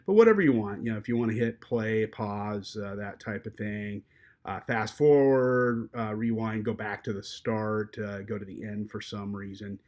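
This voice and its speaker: A man teaching a journalism class, walking through an audio editing tutorial in a relaxed way with many fillers. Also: lowish voice. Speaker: journalism instructor. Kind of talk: screen-recorded software tutorial.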